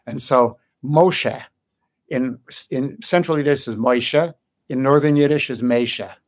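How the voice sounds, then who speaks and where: An older man from Chicago, a guest scholar in an interview, explaining in a thoughtful way with frequent ums and pauses. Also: medium pitch. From Chicago, United States. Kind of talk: conversational interview.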